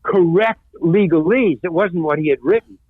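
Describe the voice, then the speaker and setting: An older male actor tells a story as a podcast guest, acting out everyone's lines in it. His voice runs a touch higher than most men's. It comes through a dry, tinny line that sounds like a phone. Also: normal speed, no echo. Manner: animated storyteller who acts out other people's lines. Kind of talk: anecdote in a podcast interview.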